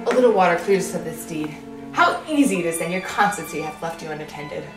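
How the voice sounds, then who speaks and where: A woman's voice: on the low side, expressive, fast talker, recorded from a distance, close to an everyday voice. A cold, resolute noblewoman who commands and urges, as a woman acts her. She sounds set back from the mic in an echoey room, with faint music behind. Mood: urgent. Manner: firm, urging, commanding. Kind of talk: stage acting of verse drama.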